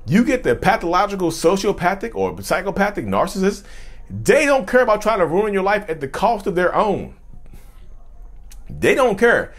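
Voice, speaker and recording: A mental health commentator with a high-pitched voice talks casually to the camera at a moderate pace. He's animated, addresses his viewers directly, and keeps repeating and restarting phrases.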